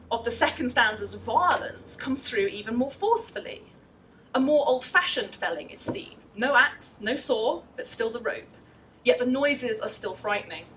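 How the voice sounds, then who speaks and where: A woman scholar giving a formal lecture, reading verse aloud in a measured, expressive way. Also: high-pitched, far from the mic, a little hiss or hum, poor audio. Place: lecture venue at a festival.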